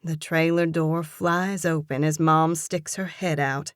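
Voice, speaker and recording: A woman narrating a first-person romance audiobook with an expressive, lively character reading. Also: low-pitched, measured pace, clean tone, dry recording, clean studio sound.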